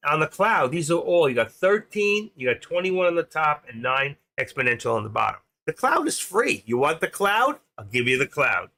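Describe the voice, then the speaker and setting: Excitable gravelly man streaming about trading. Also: on the high side, moderate pace, hardly any pauses. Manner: excitable, rambling. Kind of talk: casual live-stream chat.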